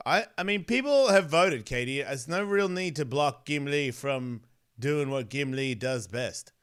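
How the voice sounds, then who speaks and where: A man hosts a podcast in loose, rambling chat, cursing freely and drifting off topic. His voice comes across smooth and resonant, at a middle pitch for a man. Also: animated, measured pace, a bit bright. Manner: rambling, distracted and profane, loses his thread. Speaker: podcast host.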